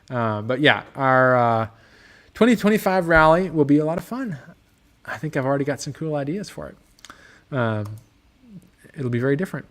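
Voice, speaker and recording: A man's medium-pitched voice carries a relaxed livestream set in a motorcycle workshop. As he reads viewer comments, he rambles, filling gaps with ums and frequently beginning again.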